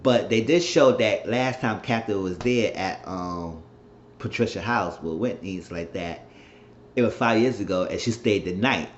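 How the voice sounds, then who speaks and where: A man giving a casual, rambling recap of a reality show episode, retelling scenes with animated mimicked quotes. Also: on the low side, moderate pace. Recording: roomy, dull lo-fi sound with faint noise.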